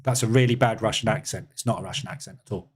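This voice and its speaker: A man's voice: fairly low pitch, fast talker, husky. Give me a sarcastic British man casually hosting a live stream and replying to viewers. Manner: sarcastic, chatty, reads and answers viewer comments. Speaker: trading room host.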